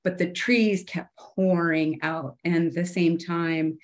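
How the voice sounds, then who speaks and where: A middle-aged woman, a former television showrunner, chatting in an interview and acting out her past dialogue in a brighter voice. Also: takes it slowly. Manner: animated, chatty, acts out her own past dialogue in a higher voice. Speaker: podcast guest, television showrunner turned artist. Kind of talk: casual interview storytelling.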